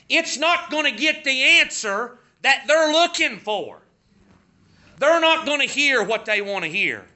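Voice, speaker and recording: A man's voice: very high voice, lively intonation, slow pace, pushed and bright, dull audio. A man preaching a sermon, stressing points by repeating words.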